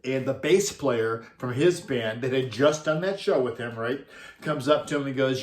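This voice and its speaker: A man's voice: a little high, unhurried. A man who worked as a concert monitor engineer, telling a casual, chuckling anecdote in a laid-back way. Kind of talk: casual storytelling. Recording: roomy echo.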